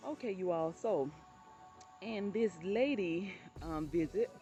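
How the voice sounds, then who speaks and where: A woman's voice: lowish voice, animated, slow, dark tone, faint music behind. A woman, chatting to her viewers in a casual storytelling vlog and calling them honey. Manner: chatty, addresses viewers as honey and you all. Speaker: vlogger telling personal stories.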